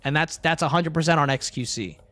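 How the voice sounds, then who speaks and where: A young man with a high voice, chatting loosely on a livestream. He rambles, jokes and answers his chat, full of filler words. Faint music plays behind him. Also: brisk, bright, forceful tone. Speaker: streamer. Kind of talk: casual stream chat.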